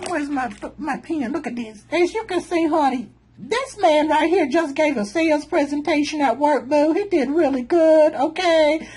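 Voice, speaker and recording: A woman with a very high voice, chatting sassily through a self-help book. She keeps calling the listener honey and boo, laughs freely between her comments, and keeps the tone loose and playful. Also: moderate pace, darkish tone, rough recording. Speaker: channel host.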